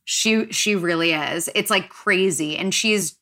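A young adult woman hosting a podcast in casual chat, talking quickly with lots of fillers and animated asides. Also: lowish voice. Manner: chatty, filler-heavy, animated. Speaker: podcast host.

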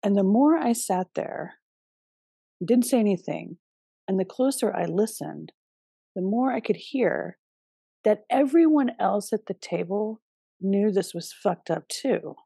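A woman hosting a podcast, talking in a relaxed, conversational way with casual fillers and the odd swear word. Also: medium pitch, a little slow, creaky, breathy edge, dry recording. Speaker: podcast host. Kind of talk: casual spoken monologue.

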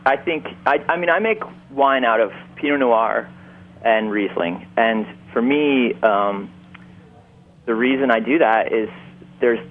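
A man's voice: on the low side, slight background noise. A man from Upstate New York, a winemaker, talking casually in an interview with many fillers and restarts. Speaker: winemaker guest. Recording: tinny phone-like line.

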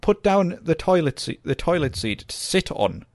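Higher-pitched chatty man. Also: big pitch swings, normal speed, no echo, studio quality. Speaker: podcast co-host. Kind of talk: casual chat.

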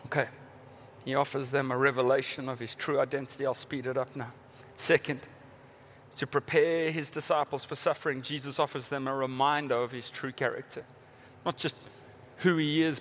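A man preaching a sermon as pastor, moving from urgent, rising questions to quiet, tender passages. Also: on the high side, slight background noise.

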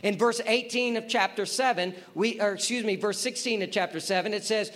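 A man's voice: high-pitched, fairly quick, hardly any pauses, fairly bright tone. A man preaching a sermon, emphatic and repetitive, who keeps asking his listeners rhetorical questions. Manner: emphatic, repeats phrases, asks the audience rhetorical questions.

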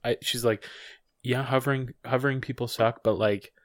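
A man's voice: mid-range voice, fairly even intonation, moderate pace, dry recording. A man co-hosting a podcast in casual chat, rambling with lots of fillers, restarts and swearing. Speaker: podcast co-host.

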